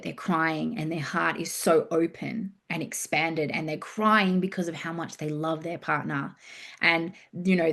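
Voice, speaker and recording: Woman, podcast host, casual and chatty, swears freely, slightly low pitch. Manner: chatty, loose, swears casually, acts out listeners' inner voices. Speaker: podcast host and relationship coach. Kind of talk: casual solo podcast talk.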